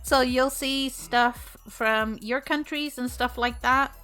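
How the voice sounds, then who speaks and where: A chatty woman hosts her stream with plenty of energy and casual swearing. Her voice is bright and a little high, with faint music playing behind her. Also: fairly even intonation, takes it slowly, clean tone. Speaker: VTuber streamer host.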